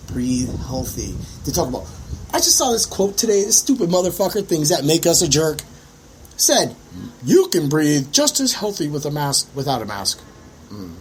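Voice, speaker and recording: Brash swearing man ranting, lively pitch. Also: a little hiss or hum, low-quality recording. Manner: loud, brash and swearing, with sudden high yelps. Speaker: podcast host. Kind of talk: profane ranting monologue.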